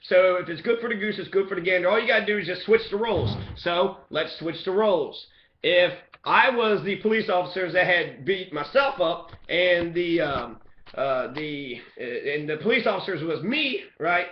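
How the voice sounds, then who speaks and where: A man giving impassioned personal testimony, talking in a profane, rambling way and growing loud and heated. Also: sits high, expressive, moderate pace. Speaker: person recounting a police beating. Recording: echoey, dull room recording.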